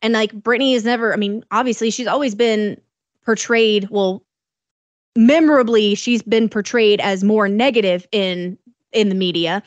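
A woman's voice: medium pitch, steady tone, normal speed, no room sound, muffled recording. A woman co-hosting a podcast, chatting about celebrity news in a curious manner that trails off. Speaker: podcast co-host. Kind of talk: casual gossip chat.

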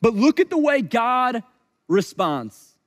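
A man preaching a sermon, animated and acting out quoted voices as he speaks. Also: extremely high pitch, slow, long reverb tail. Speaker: pastor.

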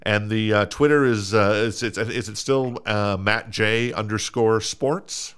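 A man's voice: fairly low pitch, a little slow, fairly bright tone, clean tone. A man with a Minnesota accent hosting a casual sports podcast, talking with many fillers and restarts. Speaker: podcast host.

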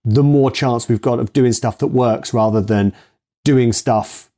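A man hosting a podcast who reflects on what he has seen in a measured way. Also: mid-range voice, warm tone. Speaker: podcast host. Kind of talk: casual interview talk.

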